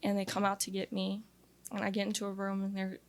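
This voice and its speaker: A woman's voice: mid-range voice, completely flat delivery, fast. A young woman from Louisiana telling her personal testimony as an interview guest, in an earnest, confessional way with lots of "like" fillers.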